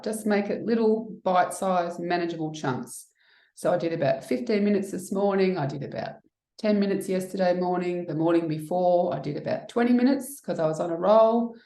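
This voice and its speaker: A woman tapping coach calmly walking through a demonstration, talking herself through her own feelings as she guides the listener. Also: on the low side. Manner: calm, reflective, talks herself through feelings. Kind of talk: instructional demonstration. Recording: echoey room.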